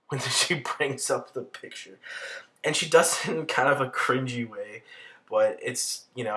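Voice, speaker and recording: Bright-voiced young man ranting casually. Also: mid-range voice. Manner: crude, heavy swearing, rambling. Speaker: commentary channel host. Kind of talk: casual video commentary.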